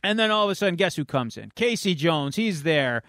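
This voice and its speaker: A male podcast host with a slightly high voice, telling a story with lively, playful energy. The recording is dry and close. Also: a little fast, dry recording. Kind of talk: casual chat, retelling a comic.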